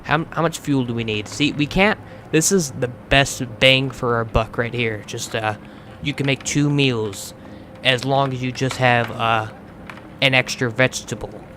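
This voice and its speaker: A man's voice: mid-range voice, unhurried, bright, forceful tone, a little hiss or hum. An American man hosting a gaming channel, giving chatty let's play commentary as he plays, swearing freely and restarting words. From United States.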